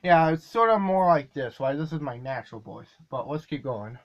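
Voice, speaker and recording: A man's voice: on the high side, animated, moderate pace, muffled recording. A man casually explaining how he makes his comedy videos, rambling a little and correcting himself as he goes. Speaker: video creator. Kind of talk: casual behind-the-scenes explanation.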